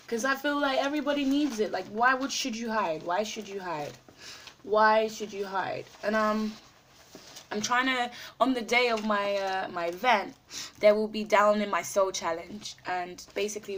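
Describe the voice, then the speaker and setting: A woman chats in a casual video diary, warm and effusive, piling up fillers and repeating her words. Her pitch sits in a middle range, and she sometimes talks with food in her mouth. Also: a little hiss or hum. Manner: talks while eating. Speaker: vlogger.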